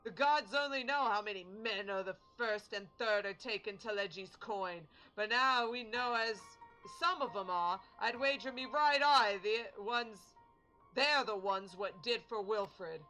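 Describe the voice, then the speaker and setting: A woman voicing game dialogue as a gruff male sea captain with a put-on Cockney accent, swearing and using rough slangy grammar. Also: mid-range voice, a little slow, bright, forceful tone, faint music behind, poor audio. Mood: angry resolve.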